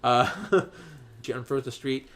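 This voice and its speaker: Male podcast host, middle pitch, lively storyteller who jumps into character voices. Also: unhurried, a little hiss or hum. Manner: animated, acts out characters' lines in raised voices. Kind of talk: casual chat, recapping a story.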